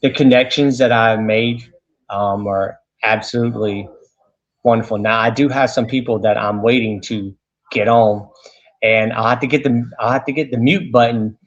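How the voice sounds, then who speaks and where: A man's voice: mid-range voice, moderate pace, muffled recording. Chatty man telling stories. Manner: animated anecdotes with many fillers and restarts. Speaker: radio show host, interview guest. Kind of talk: casual storytelling interview.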